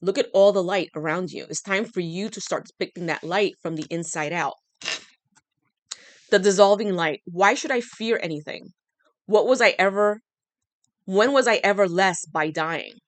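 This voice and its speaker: This tarot reader has a mid-range voice and talks at a normal speed with no echo. Speaking straight to the listener, she channels her reading with emphatic coaxing, her throat noticeably dry.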